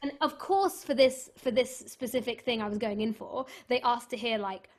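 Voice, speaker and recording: A young woman, a stage actress, telling a story in a casual interview, chatty and animated, full of filler words. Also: a little high, normal speed.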